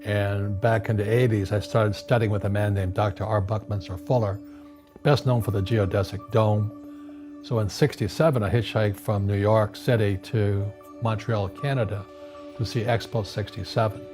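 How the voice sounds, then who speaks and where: A man in his seventies from Hawaii, a guest in an interview, telling animated stories with frequent restarts and repeated words. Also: on the low side, normal speed. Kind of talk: storytelling conversation. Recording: music playing underneath.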